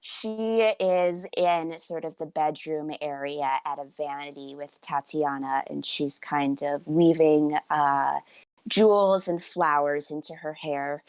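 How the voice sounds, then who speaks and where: Low-voiced woman running a tabletop game. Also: slow pace, clean tone, dry recording. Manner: relaxed, hedging with "um" and "kind of". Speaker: game master.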